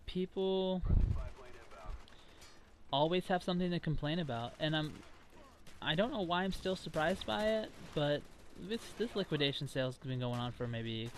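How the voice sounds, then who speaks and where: A man's voice: fairly high pitch, a little hiss or hum. A young man ranting casually while he plays a game, chatty and exasperated, trash-talking now and then. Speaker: gaming vlogger. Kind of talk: casual rant over gameplay.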